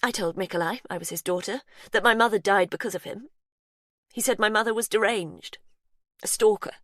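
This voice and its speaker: A woman's voice: mid-range voice, brisk, fairly bright tone, dry recording, clean studio sound, pitched above the performer's own voice, natural voice. A woman voicing a cornered, vengeful woman, bitter and wounded, with a shaky confessional way of talking.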